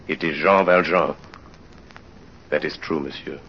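An actor playing a tormented aging ex-convict father in an old-time radio drama, speaking in a somber, halting way. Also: extremely low pitch, fairly even intonation, muffled recording, slight background noise. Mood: grave.

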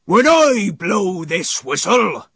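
Man doing a gravelly bellowing pirate captain. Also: sits high, sing-song, slow pace, fairly bright tone, no room sound, studio quality, pitched above the performer's own voice, exaggerated voice. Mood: commanding. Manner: roaring commands. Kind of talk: storybook reading.

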